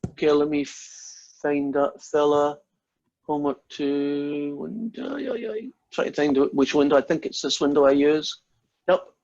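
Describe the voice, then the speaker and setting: A man's voice: on the high side, completely flat delivery, normal speed, darkish tone. A man teaching a math class over a video call, chatty and friendly. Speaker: math instructor. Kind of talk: online class, casual. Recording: dull lo-fi call audio.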